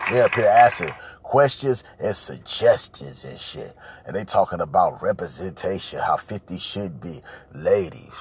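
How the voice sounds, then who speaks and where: A man's voice: fairly low pitch, sing-song, unhurried. Profane man ranting over noisy audio. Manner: loud, profane, repetitive ranting. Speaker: podcast host. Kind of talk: profane comedic rant. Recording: noisy home recording.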